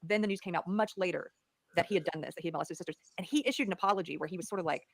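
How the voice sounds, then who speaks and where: A woman talking very fast and earnestly in a rather low voice, often restarting her sentences. The sound is close and dry. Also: vocal fry, no room sound. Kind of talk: conversational podcast talk.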